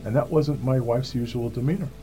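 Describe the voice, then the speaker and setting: A man's voice: medium pitch, fairly quick, over music. Earnest man telling his testimony. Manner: earnest, acts out the voices of people he quotes. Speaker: speaker giving a personal testimony. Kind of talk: personal testimony storytelling.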